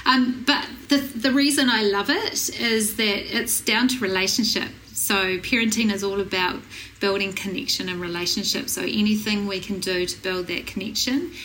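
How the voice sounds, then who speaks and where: Bright, earnest mother talking parenting. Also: mid-range voice, fairly even intonation, normal speed, a little hiss or hum, low-quality recording. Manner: earnest, affirming, with short agreeing replies. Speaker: parenting guest. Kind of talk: casual conversation.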